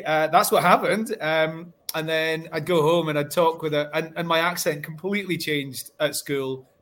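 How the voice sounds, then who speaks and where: A man raised partly in Scotland speaks on a panel, his voice sitting a little higher than most men's. He talks in a chatty, animated way, often restarting his sentences as he goes. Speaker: panel guest. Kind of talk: casual panel discussion.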